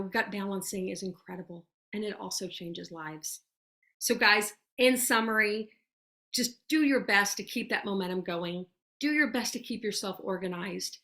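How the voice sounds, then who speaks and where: A woman giving an earnest, chatty motivational talk to her network marketing team, full of "you guys" and "y'all", sometimes dropping to a soft voice to act out sample messages. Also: mid-range voice, moderate pace.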